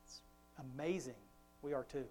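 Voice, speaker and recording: This father, whose voice is on the high side with a darkish tone, rambles through an informal family devotion full of restarts, easing his pace to quote scripture emphatically.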